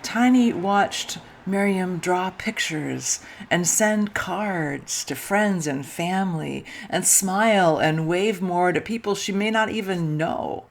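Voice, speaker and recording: A woman minister reads a children's story aloud in a church service. Her voice is gentle and a little low, and she takes her time, sometimes sinking to a near whisper. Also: takes it slowly, hardly any pauses, a little hiss or hum. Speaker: intern minister.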